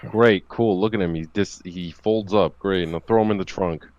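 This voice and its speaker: A man's voice: sits low, moderate pace, a little mellow, no echo, dull audio. A male player in a tabletop game, brash and casually swearing.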